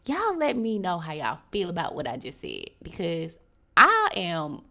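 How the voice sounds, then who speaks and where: A woman's voice: on the low side, wildly swooping pitch, a little slow, vocal fry, sharp tone. A woman in her late twenties hosting a casual solo podcast, chatting freely and calling her listeners y'all. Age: 20s. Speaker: podcast host.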